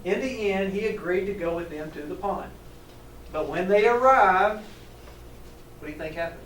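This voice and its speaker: Reading a picture book aloud to children, a high-voiced man moves at a moderate pace and stops now and then to ask questions. This animated, chuckling teacher trainer is recorded from a distance in an echoey room, with faint ambience and slight background noise.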